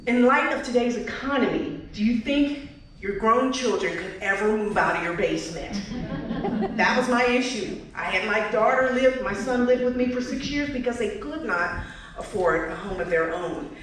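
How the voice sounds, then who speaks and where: A woman's voice: fairly high pitch, moderate pace, fairly bright tone. Woman candidate addressing a crowd in an echoey hall. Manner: direct, asks the audience questions. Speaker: political candidate. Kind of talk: campaign speech at a forum. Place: community hall. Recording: echoey hall, mic from far off, faint noise.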